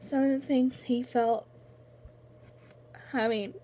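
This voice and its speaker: A woman's voice: sits high, steady tone, slow pace, warm tone, a little hiss or hum. A young woman vlogging casually at home about books, rambling with lots of fillers and restarts, close to tears. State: tearful, on the verge of crying. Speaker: book vlogger. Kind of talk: casual vlog chat.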